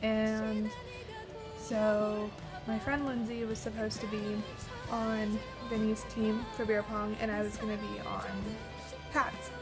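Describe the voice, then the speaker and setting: Woman, steady reminiscing, level tone, soft instrumental music behind. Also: medium pitch. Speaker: friend sharing memories. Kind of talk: memorial interview reminiscence.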